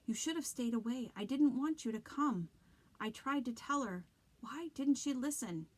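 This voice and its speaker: A woman's voice: high-pitched, animated, normal speed, pitched above the performer's own voice. A woman reading a storybook aloud, voicing a haunted boy who whispers eerie rhymes and warnings. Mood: pleading.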